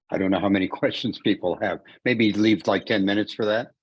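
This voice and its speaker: A man's voice: fairly low pitch, fairly even intonation, moderate pace, husky, dull audio. A man organizing a meeting, speaking briefly and practically over a call. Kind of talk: casual chat.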